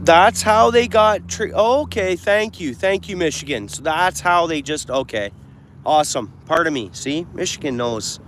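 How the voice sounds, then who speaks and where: A man talks casually while he fishes outdoors, reacting to his live chat as he goes. His voice sits a bit high for a man. A light hum of passing traffic stays in the background. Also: lively intonation, a little slow, a bit bright. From Canada. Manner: chatty, talks back to live chat comments. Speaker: fishing livestreamer. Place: outdoors by a pond near traffic.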